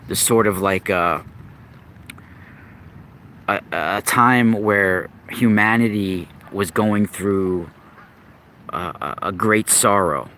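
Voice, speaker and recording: Slow, deep-voiced man rambling on lore. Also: pushed and bright, a little hiss or hum. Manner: rambling, with frequent restarts and searching for words. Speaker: podcast host. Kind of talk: casual monologue on myth and occult lore.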